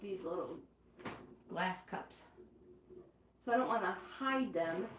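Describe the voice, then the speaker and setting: A woman's voice: mid-range voice, animated, takes it slowly, a little hiss or hum. Middle-aged woman rambling to her livestream while cleaning, lots of oh my goodness, echoey kitchen sound. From New York State. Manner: rambling, exclamatory, talks to viewers while doing chores. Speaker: livestream host. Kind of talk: casual chat while cleaning. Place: home kitchen, indoors.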